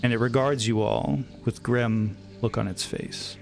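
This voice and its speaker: Man running a tabletop game, slow measured narration, gravelly voice, faint music behind. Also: medium pitch, steady tone, darkish tone. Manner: slow, measured scene-setting. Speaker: game master. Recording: home mic with faint background music.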